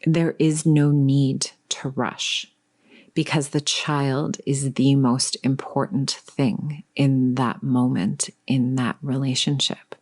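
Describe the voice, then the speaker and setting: A woman in her forties hosting a reflective solo podcast as a coach, talking gently and unhurriedly, sometimes dropping to a soft whisper. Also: very deep voice, little pitch movement, slow.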